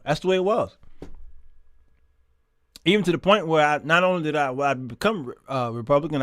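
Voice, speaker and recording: A man's voice: a little high, no echo, studio quality. A man hosting a Christian talk show, reading viewer comments and talking in an emphatic, conversational way, often repeating words.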